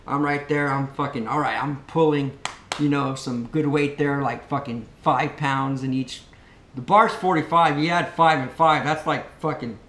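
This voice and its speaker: A man's voice: on the high side, normal speed, fairly bright tone. Rambling, crude-joking man in an echoey room. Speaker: vlog host. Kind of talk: casual vlog chat.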